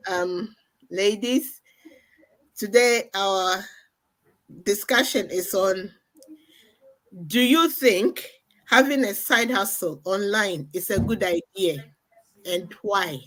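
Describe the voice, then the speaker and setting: A woman hosting a live online chat over a video call, slow and welcoming, her voice a little hoarse. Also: mid-range voice, a bit bright, low-quality recording. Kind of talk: casual live-stream hosting.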